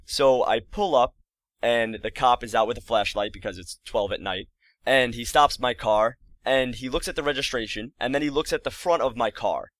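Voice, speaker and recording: A young man in his early twenties, recounting a frustrating story in a casual, rambling way. His voice sits at a middle pitch and sounds close and dry, with no room around it. He keeps slipping into exasperated asides. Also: normal speed, a bit bright, no echo. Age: early 20s. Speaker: vlogger.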